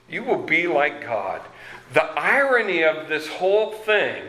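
A man preaching a sermon as pastor, slow and deliberate, reading scripture with dramatic emphasis. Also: fairly high pitch, bright, forceful tone. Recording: roomy echo.

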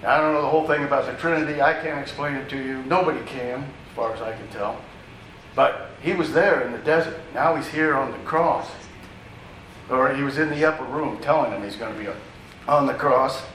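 A man's voice: mid-range voice, a little fast, fairly bright tone, slight background noise. A man preaching a sermon in a conversational, teaching way, with asides to the congregation. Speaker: pastor. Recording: echoey room, distant mic, faint ambience.

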